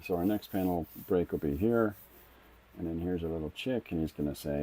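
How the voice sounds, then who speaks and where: A man's voice: sits low, brisk, mellow. A middle-aged man streaming as he draws comics, chatting casually and thinking aloud with frequent restarts. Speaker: comic artist streaming his drawing. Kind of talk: casual live-stream chat while drawing.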